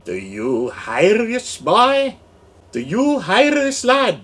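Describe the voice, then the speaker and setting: A loud rustic countryman hollers out in a high, strained, put-on voice, as a man goofs around with it. The calls rise sharply and land hard. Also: very animated, takes it slowly, exaggerated voice. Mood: hollering.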